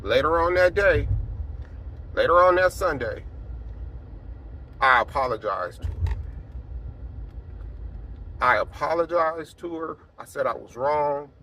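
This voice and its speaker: A man's voice: a little high, lively intonation, takes it slowly, pauses often. Man giving a casual spoken testimony. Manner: conversational, many fillers, swings from quiet to emphatic. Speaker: apostle sharing a personal testimony.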